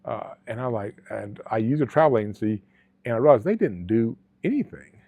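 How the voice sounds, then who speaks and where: A man's voice: mid-range voice, lively intonation, fairly quick, vocal fry, dark tone, husky, no echo. A middle-aged man from Alabama, a former police officer, telling stories in a casual interview, earnest and rambling with frequent restarts. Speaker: guest, former police officer and travel agency owner. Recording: dry, tinny phone-like sound.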